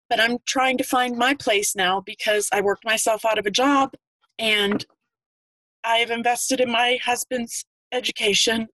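Teary 50s woman from pennsylvania, higher voice, very dry sound, halting and earnest. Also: fairly bright tone, dry recording, low-quality recording. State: tearful. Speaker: caller. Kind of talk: emotional personal testimony.

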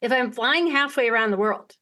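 Woman podcast host, American, high voice, lively and laugh-prone casual chat. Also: brisk. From United States. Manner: chatty, laughs often, acts out quoted dialogue.

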